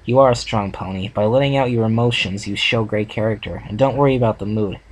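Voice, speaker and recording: A man voicing a male pony who is gently comforting a mare, read softly and reassuringly. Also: on the low side, quick pace, natural voice. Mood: tender. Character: tender male pony, comforting his crush.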